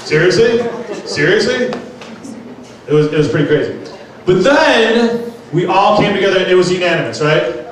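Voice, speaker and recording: A man's voice: high voice, animated, a little fast, a little hiss or hum. A man hosting an announcement in front of a group, joking and playful as he builds up to it. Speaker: host. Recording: echoey room, distant mic, crowd behind.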